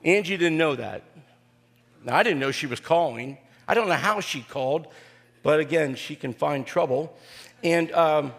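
An older man, a pastor, preaching a sermon and telling family stories in a folksy, joking way, often pausing on "uh". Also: on the high side. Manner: folksy and joking, with frequent "uh" fillers. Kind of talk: sermon with personal storytelling. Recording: long reverb of a large hall.

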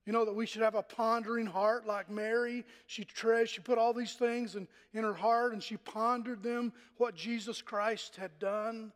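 High-voiced Southern pastor in a reverberant hall. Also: male voice, flat delivery, moderate pace, hardly any pauses. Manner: folksy, rambling with many fillers and restarts. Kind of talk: sermon.

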